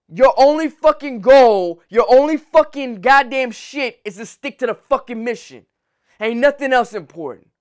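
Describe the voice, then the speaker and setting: A man with a high, smooth and clear voice delivers a profane, slang-heavy motivational rant. He drops to a low mutter, then bursts into shouts. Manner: intense, swings from low muttering to loud shouting; heavy cursing, slangy street talk. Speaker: motivational YouTuber.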